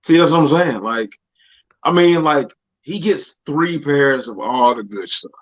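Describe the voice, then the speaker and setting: A man co-hosting a livestream in casual chat, laid-back and quick to laugh. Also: fairly high pitch, animated, dull audio. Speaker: co-host.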